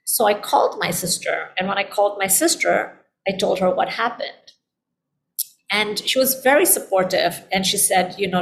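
A woman's voice: mid-range voice, normal speed, vocal fry, a little hiss or hum. A middle-aged woman, a guest in a conversation, telling a personal story in an earnest, heartfelt way and repeating phrases for emphasis.

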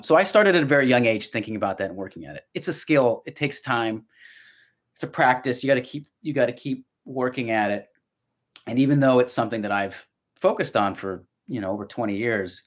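A man's voice: medium pitch, animated, fairly quick. A middle-aged man and voice actor talking casually as a podcast guest, reflective and storytelling, often restarting his sentences. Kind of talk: casual conversation.

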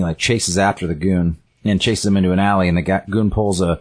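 A man's voice: deep voice, fairly even intonation, moderate pace, a little mellow. A man casually retelling a story scene by scene, rambling with fillers and self-corrections.

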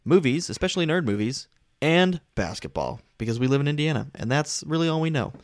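A man's voice: a little high, expressive, a little fast, no room sound, clean studio sound. A man co-hosting a podcast in casual banter, upbeat and playful. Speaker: podcast co-host.

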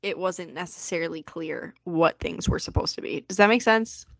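A woman's voice: fairly low pitch, normal speed, a bit bright, no echo. A woman co-hosting a podcast, chatting playfully about a movie with exaggerated agreement. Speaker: podcast co-host. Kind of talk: casual movie review chat. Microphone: remote podcast mic, no camera.

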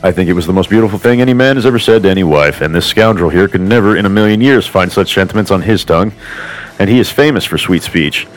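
Brief: man reading a sardonic queen, low and dry, flowery words with crude jokes. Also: fast talker, soft background music, close to an everyday voice, rough recording. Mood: wry. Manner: flowery formal address undercut by crude self-mockery. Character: self-mocking beautiful woman, legendary queen.

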